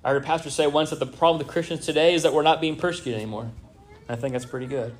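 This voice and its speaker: A Southern California pastor with a fairly high, fairly evenly intoned voice preaches rapid-fire in a church sanctuary. His style is conversational, and he frequently checks in with the congregation through "right?" asides.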